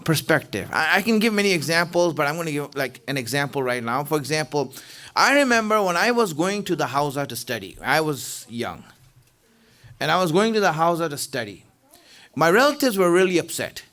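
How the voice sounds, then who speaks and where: A man's voice: fairly high pitch, a bit bright. A middle-aged male preacher giving a Ramadan lecture in a conversational way, asking rhetorical questions and often saying "you know".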